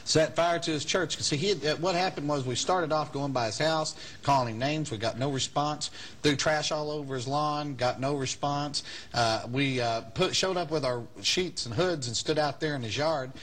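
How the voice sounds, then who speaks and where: A man's voice: fairly high pitch, moderate pace, fairly bright tone. A man telling a live anecdote to an audience in a folksy, rambling way, often chuckling. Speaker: storyteller on stage.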